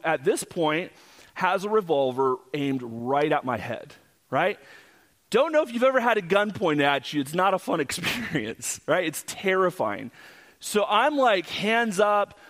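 A male pastor telling a personal story in a sermon, animated and vivid. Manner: animated storyteller, rising pitch in tense moments. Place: church sanctuary. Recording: long church hall reverb.

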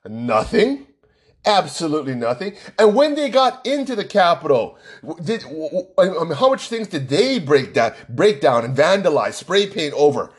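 A man's voice: a little high, husky. A man giving an indignant political monologue full of rhetorical questions and sarcasm. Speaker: political commentator. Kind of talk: opinionated monologue.

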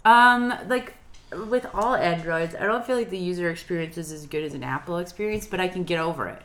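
A young woman co-hosting a podcast, telling a travel story in an animated, chatty way with bursts of laughter. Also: fairly low pitch, fairly quick. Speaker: podcast co-host. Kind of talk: casual chat, storytelling.

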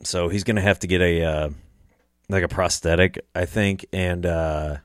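A man's voice: deep voice, fairly even intonation, normal speed, dry recording, clean studio sound. A young man telling an emotional story about a friend, choking up and swearing, laughing through the tears. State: choked up, close to tears. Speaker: hunting personality.

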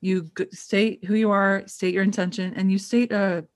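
A woman's voice: medium pitch, moderate pace, no room sound, studio quality. A woman co-hosting a casual chat, telling stories with animation and acting out what people said. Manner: animated storytelling, acts out quotes.

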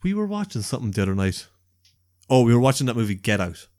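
A man's voice: medium pitch, sing-song, quick pace, darkish tone. A man, co-hosting a podcast in laid-back, jokey casual chat with swearing. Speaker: podcast co-host.

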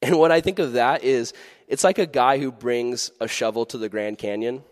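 A man giving a youth sermon in a lively, animated way, acting out quoted voices. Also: mid-range voice, normal speed. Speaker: youth pastor. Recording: long hall reverb.

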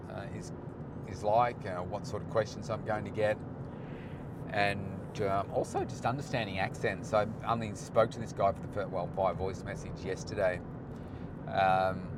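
A deep-voiced man, a podcast host and coach, vlogs casually while driving on city roads. He rambles in a relaxed way, with frequent fillers and restarts. Loud road and engine noise fills the recording.

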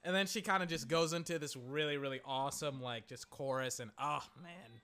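A man chatting casually and excitably, rambling, swearing and exclaiming, his voice cracking. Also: mid-range voice, fairly quick, smooth, soft background music. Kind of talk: casual chat.

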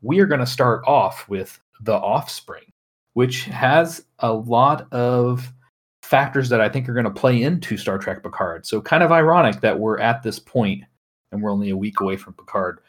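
A man's voice: mid-range voice, expressive, normal speed. A man hosting a casual podcast, summarizing an episode conversationally with fillers. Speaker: podcast host.

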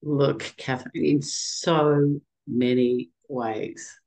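A middle-aged woman speaks slowly as an interview guest. Her voice has a gravelly edge, and she tells her story haltingly with emotion, often restarting her sentences. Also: rumbling low, fairly even intonation, mellow, low-quality recording. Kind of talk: personal storytelling in conversation.

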